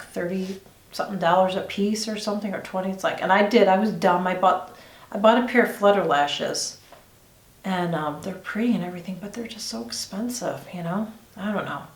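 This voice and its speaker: Middle-aged woman, beauty vlogger, chatty and rambling, reassuring, medium pitch, echoey room. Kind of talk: chatty get-ready-with-me vlog. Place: indoors at home doing her makeup on camera. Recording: roomy echo.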